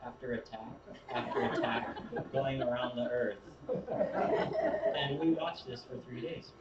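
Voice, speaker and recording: A man's voice: mid-range voice, a little slow, highs cut off, very noisy. A man telling a rambling stand-up story who often laughs at his own jokes, recorded from a distance in an echoey room. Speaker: stand-up comedian. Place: comedy show venue.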